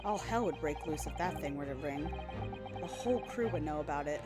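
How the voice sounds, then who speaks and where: A woman's voice: deep voice, expressive, a little fast, voice pushed down. Young male lawyer, read by a woman; formal, dry, exasperated, game music underneath. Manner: dry, put-upon, formal.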